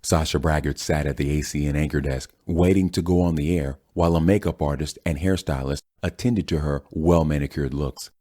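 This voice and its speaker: Male audiobook narrator, deep voice, mellow dark tone, steady storytelling, dry close sound. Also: fairly quick, hardly any pauses, dry recording. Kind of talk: scripted narration.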